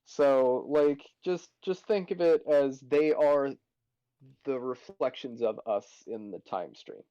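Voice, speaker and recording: Male player, mid-pitched voice, deadpan and rambling. Dull lo-fi, dry recording. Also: slow pace, clean tone, dry recording. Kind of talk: casual tabletop game chat.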